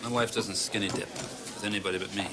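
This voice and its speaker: A man's voice: on the low side, fairly even intonation, fast, lightly acted. A man playing a possessive husband. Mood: dry. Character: possessive middle-aged husband at a party. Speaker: party guest, husband. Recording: loud crowd noise.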